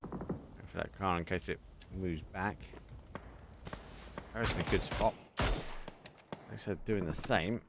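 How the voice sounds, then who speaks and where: A man with a lowish voice calls a live esports match play-by-play. He talks in short, quick bursts and gets excited as the action builds. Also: heavy background noise. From Essex, England. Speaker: esports caster. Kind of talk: live play-by-play game commentary.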